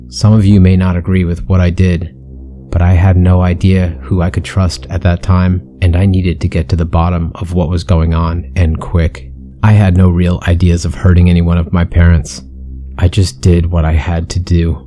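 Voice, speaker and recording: A man's voice: sits low, flat delivery, moderate pace, dark tone, faint music behind. A man narrating a first-person horror story with an intense, brooding delivery.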